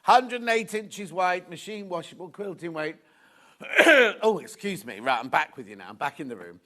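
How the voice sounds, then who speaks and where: A man's voice: on the high side, animated, moderate pace, a bit bright. A man presenting a live shopping show from a TV studio, from the UK, giggling often as he reads viewer messages aloud.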